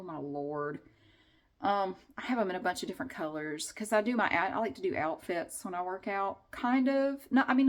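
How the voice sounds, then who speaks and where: A middle-aged woman vlogging in a casual, rambling way, frank and chatty, often restarting her sentences and swearing mildly. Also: mid-range voice. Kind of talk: casual vlog chat.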